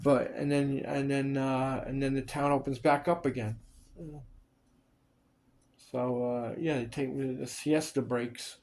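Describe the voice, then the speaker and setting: A man's voice: mid-range voice, level tone, measured pace, darkish tone, slight background noise. A man in casual chat, telling stories of film work, acting out the people he quotes and swearing freely. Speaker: storyteller recalling film work.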